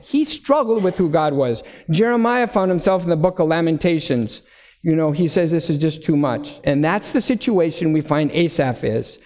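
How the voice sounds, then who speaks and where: A middle-aged man preaching a sermon, earnest and deliberate, slowing down to stress key words. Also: fairly high pitch, expressive, darkish tone, in a large hall. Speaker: pastor.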